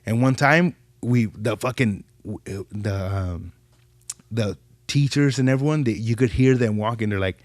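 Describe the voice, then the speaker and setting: A young man telling animated stories in casual podcast chat, full of profane slang. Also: a little slow, no room sound. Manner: animated, profane street slang, jumps pitch when quoting people. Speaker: podcast guest.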